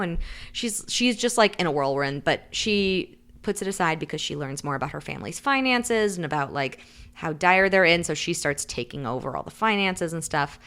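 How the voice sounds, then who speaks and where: Her voice sits on the low side, a bit bright and clean, at a normal speed. As a podcast co-host in a casual book recap, she tells the story chattily, says "like" constantly, and briefly performs characters' quotes in changing voices.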